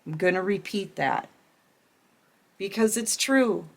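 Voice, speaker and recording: A woman's voice: medium pitch, lively intonation, takes it slowly, gravelly. A middle-aged woman giving a casual tarot reading, emphatic and repetitive, speaking straight to the viewer. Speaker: tarot reader.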